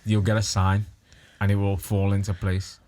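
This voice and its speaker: A man's voice: on the low side, monotone, normal speed, darkish tone. A young man, co-hosting a podcast in laid-back, reflective casual chat. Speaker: podcast co-host.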